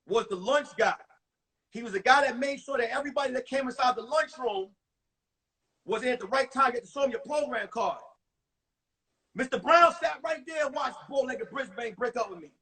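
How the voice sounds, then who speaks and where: A man's voice: very high voice, moderate pace, long pauses, breathy edge, distant mic. A man, a comedian, telling stand-up stories on a live stream and acting out the people in them. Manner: animated, acts out the people in his stories. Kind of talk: stand-up storytelling. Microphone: phone.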